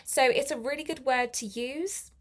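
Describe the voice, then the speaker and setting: A woman's voice: high-pitched, normal speed. A woman teaching a live online English lesson, chatty and encouraging as she answers viewer comments.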